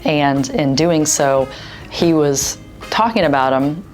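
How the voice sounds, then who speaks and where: Low-voiced woman recalling a memory. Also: lively intonation, slow, a little mellow, faint music behind. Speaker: daughter sharing memories. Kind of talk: interview storytelling.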